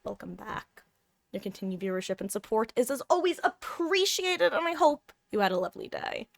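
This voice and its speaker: A woman's voice: medium pitch, expressive, brisk, gravelly, no room sound. A young adult woman from Southern California, streaming and chatting casually with viewers in a rambling, self-deprecating way with casual swearing.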